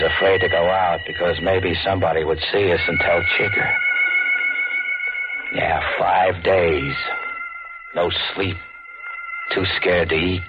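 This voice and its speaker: A jittery small-time hoodlum, low-voiced and gruff, snapping short lines in street slang. It sounds like a 1940s radio drama, dull and lo-fi, with music playing behind. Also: male voice. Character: frightened tough-talking male small-time dancer on the run.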